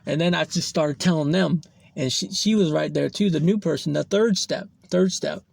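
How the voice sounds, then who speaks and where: A man's voice: a little high, moderate pace, gravelly, a little mellow, dry recording. A young man hosting a podcast, telling a personal story in a rambling, profane way, full of fillers. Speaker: podcast host. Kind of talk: casual storytelling monologue.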